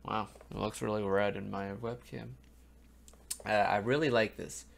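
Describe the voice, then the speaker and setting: In a home room before a webcam, a young man offers casual, rambling music commentary for a reaction video while faint music plays. His voice is fairly low, with fairly even intonation, a measured pace, and vocal fry, and he sounds sleepy, yawning and trailing off into ums and restarts.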